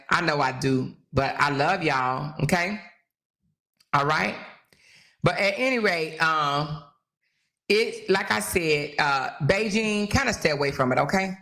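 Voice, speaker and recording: Chatty bright-voiced woman host. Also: sits low. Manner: animated, chatty, laughs often, addresses viewers directly. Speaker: host of a live talk stream. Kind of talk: casual gossip chat with live viewers.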